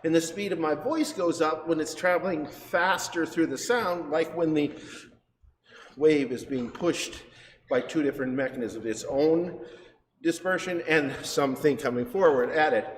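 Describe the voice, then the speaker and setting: A science center educator with a slightly high voice talks at a moderate pace while teaching a livestreamed demo in the exhibit hall. His style rambles and chats along, with frequent laughter and self-corrections, and the audio is echoey with faint background noise.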